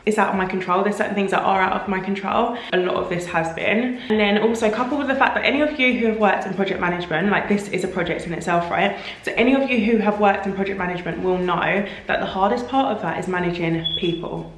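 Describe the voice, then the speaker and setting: A woman vlogging casually about her house renovation, talking frankly and in a rambling way, a little croaky from tiredness, filmed on a handheld phone camera. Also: medium pitch, fast, few pauses. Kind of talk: casual vlog chat. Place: empty house under renovation. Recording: echoey empty room, faint noise.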